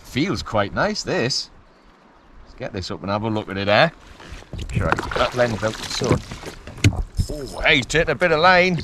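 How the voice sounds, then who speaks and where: A man, chatting excitedly to the camera from his kayak while fishing at sea, often laughing. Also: mid-range voice, normal speed, long pauses, background noise. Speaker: kayak angler filming his fishing trip. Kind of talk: casual vlog commentary. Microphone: action camera mic.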